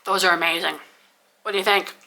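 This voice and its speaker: A middle-aged woman chatting through a home baking vlog in her kitchen, homey and quick to laugh. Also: lowish voice, steady tone, gravelly, sharp tone. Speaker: homesteading vlogger.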